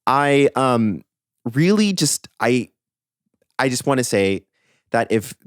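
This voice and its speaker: A young man hosting a podcast, giving animated, opinionated commentary on pop music news with emphatic asides. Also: lowish voice, no room sound, clean studio sound. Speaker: podcast host.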